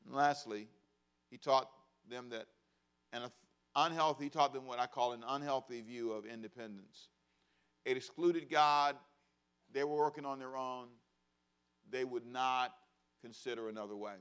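A middle-aged pastor delivers a sermon in an easygoing, joking way, drawing the congregation in with call-and-response lines. He slips into quick mock voices of kids and parents as he tells his stories. His voice sits at an ordinary pitch for a man. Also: a bit bright, smooth. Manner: conversational, humorous, asks congregation to repeat phrases.

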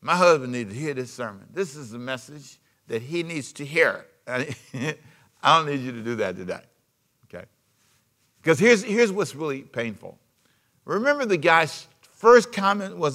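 A man preaching a sermon as pastor, swinging from loud emphasis to hushed asides. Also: fairly high pitch, big pitch swings, normal speed.

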